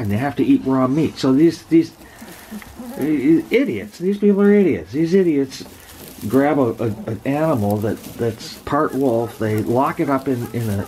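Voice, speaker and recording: A man's voice: medium pitch, noisy background. A man who breeds dogs, talking casually to a handheld camera while sitting among puppies, rambling and restarting his words. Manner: rambling, repeats and restarts words, gently affectionate. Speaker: dog breeder. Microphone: handheld camera mic.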